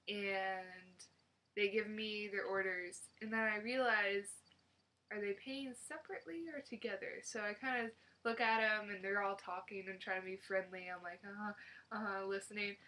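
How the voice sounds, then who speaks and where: A young woman telling a story in casual chat, lively and laughing as she goes. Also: mid-range voice, moderate pace, low-quality recording. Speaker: vlogger.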